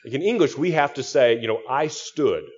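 A man's voice: mid-range voice, animated, fast, muffled recording. A male pastor giving an expository sermon, teaching through a text with frequent restarts and repeated words.

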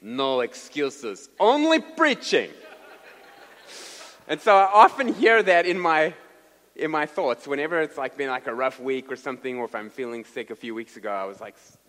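A man preaching a sermon, telling stories with an animated delivery and sudden bursts of volume. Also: medium pitch, a little fast, in a large hall. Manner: animated storyteller with dramatic volume swings. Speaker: pastor.

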